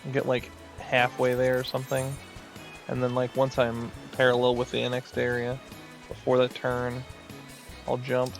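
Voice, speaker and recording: A man chatting his way through an online game session, rambling and filling gaps with asides. His pitch sits in the middle range. Soft game music plays behind him. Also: completely flat delivery, normal speed, creaky. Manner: rambling, chatty, many fillers. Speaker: gaming video host. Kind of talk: casual gameplay commentary.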